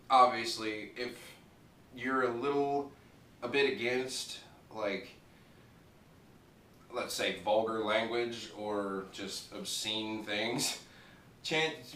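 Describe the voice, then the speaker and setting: A TV reviewer with a medium-pitched, slightly bright voice gives a rambling, casual review. He swears freely and laughs at his own jokes. It's recorded on a distant mic in an echoey room with faint noise.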